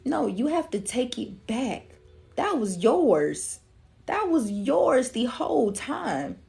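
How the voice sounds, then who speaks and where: A woman's voice: fairly high pitch, slow, gravelly, faint music behind. A woman, talking casually to her viewers during a collective reading and acting out their inner voices. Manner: animated, slangy, acts out the viewer's inner voice. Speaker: tarot reader.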